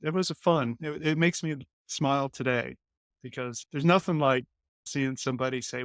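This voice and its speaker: A man from Colorado, a company CEO, telling a lively story as a guest in an interview and acting out the voices of the people in it. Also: medium pitch, moderate pace, clean tone, no room sound. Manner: animated, acts out quoted lines in other voices.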